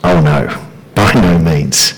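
A man's voice: low voice, slow pace, poor audio. A man preaching a sermon in a conversational way, often asking his congregation questions.

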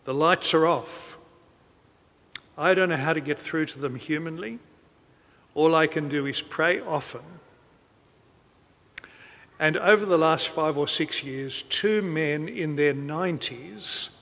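A man's voice: a little high, a bit bright, big-room sound. A middle-aged man preaching a sermon, telling stories and quoting the people in them. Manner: storytelling, quoting people in anecdotes.

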